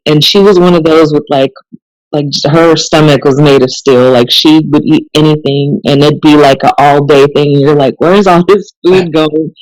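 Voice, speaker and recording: A woman, a police officer, telling stories in a casual podcast conversation, chatty and animated and laughing often. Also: deep voice, no echo, low-quality recording.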